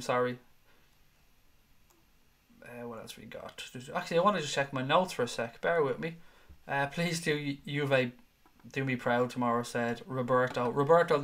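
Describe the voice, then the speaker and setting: A man's voice: medium pitch, a bit bright. A man hosting a live fan show, chatting casually and swearing as he reads viewer comments and jokes with his co-hosts. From Ireland. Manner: chatty, jokey and profane, teasing his co-hosts.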